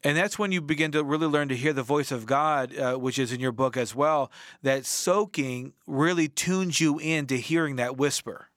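A man's voice: on the high side, normal speed, hardly any pauses, fairly bright tone, dry recording, clean studio sound. A man hosting a Christian TV interview, asking questions in an earnest way with frequent fillers. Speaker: TV show host interviewing an author.

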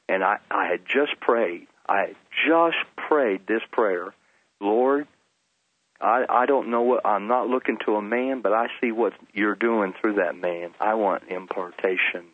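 A man's voice: lowish voice, no echo. A middle-aged man, a Baptist pastor, earnestly telling his testimony in an interview, often repeating words for emphasis. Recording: dry, phone-like line.

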